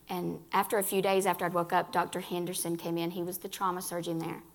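An earnest woman gives a personal faith testimony to a gathering of women, speaking right to them. Her voice carries a gravelly fry, and she restarts phrases as she talks. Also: on the low side, flat delivery, fast, hardly any pauses. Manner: earnest, addresses listeners directly, restarts phrases.

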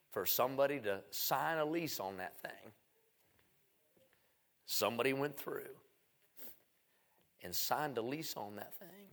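A middle-aged man, an evangelist preaching a revival sermon in a folksy, self-mocking storytelling way, swinging from loud to hushed. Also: mid-range voice.

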